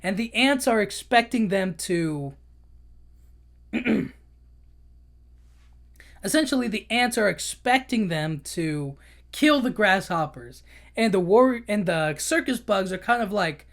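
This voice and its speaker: A man's voice: high voice, animated. A man hosting a podcast, retelling a movie plot in a loose, rambling way with many restarts and fillers, and briefly acting out the characters. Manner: acts out characters' lines in quick bursts. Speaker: podcast host. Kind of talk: casual movie recap.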